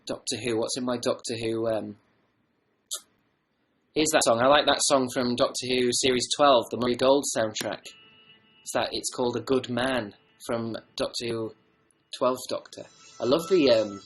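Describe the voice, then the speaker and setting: A young man with a softened northern English accent chats loosely on a livestream. He rambles through viewer comments and drops casual swear words as he goes. His pitch sits in an ordinary middle range. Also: slight background noise. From northern England. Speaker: livestream host.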